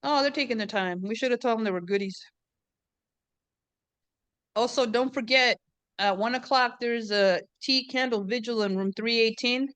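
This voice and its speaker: Woman host from the border, chatty and teasing, crisp bright voice, dry close sound. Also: a little high, normal speed, long pauses, dry recording. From US-Mexico border region. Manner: chatty, joking, mixes in Spanish. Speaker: event host and professor. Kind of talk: casual chat hosting a book event. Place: classroom or event room.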